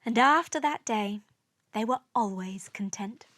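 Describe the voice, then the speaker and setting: Expressive woman reading a rhyming storybook. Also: fairly high pitch, unhurried, dry recording, studio quality. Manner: expressive, sing-song. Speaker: narrator. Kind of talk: storybook read-aloud in rhyme.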